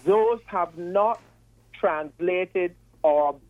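A man, calling in to a radio talk show and laying out his questions in a measured, methodical way. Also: high voice, a little mellow, no room sound. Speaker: radio caller. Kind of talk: call-in radio discussion. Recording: tinny phone line.

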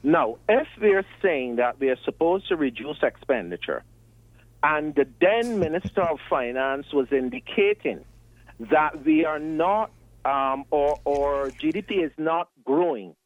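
A man, calling in to a radio talk show and laying out his questions in a measured, methodical way. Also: a little high, dry recording. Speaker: radio caller. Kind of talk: call-in radio discussion. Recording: tinny phone line.

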